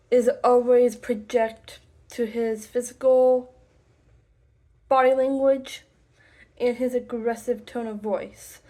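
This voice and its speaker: A woman talking to the camera about something personal, slowly and haltingly, with many pauses and restarts. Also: a little high, mellow. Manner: slow, halting, deliberate with frequent pauses and restarts. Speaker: vlogger.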